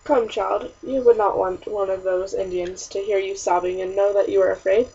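A woman voicing a kind, practical colonial woman who speaks gently and soothingly. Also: medium pitch, steady tone, normal speed, breathy edge. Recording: distant, muffled audiobook recording.

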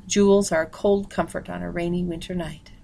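A woman reading aloud, voicing a gentle, refined older rich woman who speaks softly. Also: lowish voice, steady tone, brisk, vocal fry, a little hiss or hum. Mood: gentle, sad. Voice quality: soft, genteel.

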